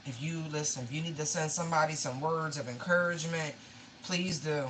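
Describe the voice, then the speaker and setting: Woman, tarot reader, low voice, emotional, pleading, casual swearing, faint background noise. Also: steady tone, a little fast, a bit bright, rough recording. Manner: swears casually, says y'all. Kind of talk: casual live tarot reading.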